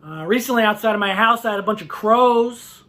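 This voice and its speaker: A man performing a stand-up set, animated, often laughing and acting out voices. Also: high-pitched, brisk. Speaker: stand-up comedian.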